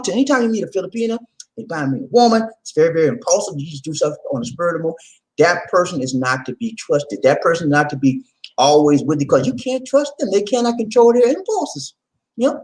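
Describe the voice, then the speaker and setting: A man hosting a vlog, talking casually to his viewers in an animated, laughing, rhetorical way, repeating his points often. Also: high-pitched, rough recording. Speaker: vlog host.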